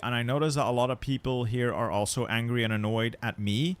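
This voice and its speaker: A man's voice: mid-range voice, steady tone, fairly quick, clean tone. A man commentating his strategy game play, exasperated and swearing as he rants about losing. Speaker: gaming channel host.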